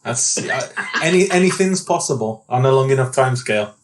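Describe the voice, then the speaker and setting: A man's voice: medium pitch, expressive, a little fast. A man co-hosting a podcast in casual chat, playful and teasing, laughing often. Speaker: podcast co-host.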